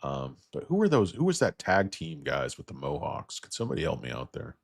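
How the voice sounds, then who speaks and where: A man with an extremely low voice, hoarse and fading as he comes down with something. He hosts a loose stock livestream in crude, rambling chatter aimed at his viewers. The sound is dry and close, with no room echo. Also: wildly swooping pitch, a little fast. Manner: rambling, crude, joking asides. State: losing his voice, feeling sick. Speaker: stock market livestream host. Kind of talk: casual livestream chat with viewers.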